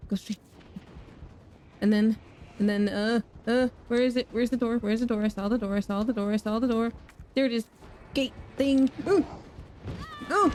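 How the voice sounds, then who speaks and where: Streamer, young woman, fairly high voice, jumpy, laughs a lot, yells at her character. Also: a little hiss or hum. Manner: excitable, laughing, shrieks at in-game danger; talks to chat, self-mocking. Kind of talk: live gameplay commentary.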